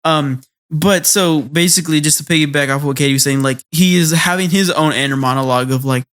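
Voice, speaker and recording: A man with a slightly higher voice than most, chatting loosely about an anime. He rambles with lots of "like" and fillers, slipping into little voices when he retells scenes. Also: brisk, fairly bright tone. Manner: rambling, lots of fillers, mimics characters in quotes. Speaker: podcast co-host. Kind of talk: casual anime recap chat.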